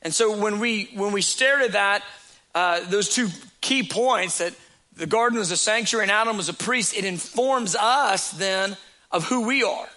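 A man's voice: high voice, normal speed, bright, forceful tone. A man preaching a sermon as a pastor, talking in a conversational storytelling way with repeated phrases.

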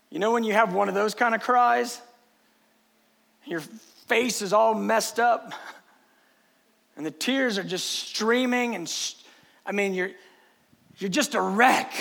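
A male preacher delivers an impassioned sermon, moving from shouted lines to hushed, lowered speech. His voice sits high and has a gravelly edge. He speaks slowly and with weight. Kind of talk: passionate sermon.

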